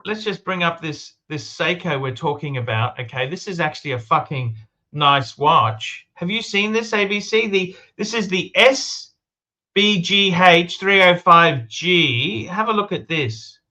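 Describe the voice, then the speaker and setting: A man's voice: sits high, expressive, measured pace, bright, forceful tone. A man hosting a casual livestream, chatty and enthusiastic, swearing freely as he talks. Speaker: livestream host.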